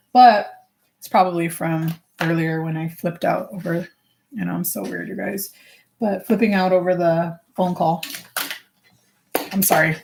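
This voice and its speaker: A woman's voice: fairly low pitch, vocal fry, a little mellow, slight background noise. A woman vlogger chatting casually to her viewers, rambling and correcting herself with many fillers. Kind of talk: casual vlog chat.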